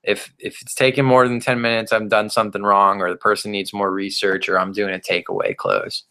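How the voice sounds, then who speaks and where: A man giving a casual, energetic training talk on network marketing, often restarting phrases and acting out the replies of prospects. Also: lowish voice, fairly quick. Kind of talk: recorded training presentation.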